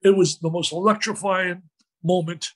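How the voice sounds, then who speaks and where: A man telling a story as an interview guest, in an animated, emotional way. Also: sits high, moderate pace, rough recording.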